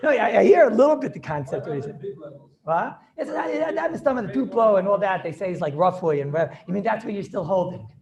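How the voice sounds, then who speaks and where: A man's voice: high voice, lively intonation, fast talker, creaky, dull audio, crowd noise. A man, a rabbi, teaching an informal class over a video call, joking and talking back to his students.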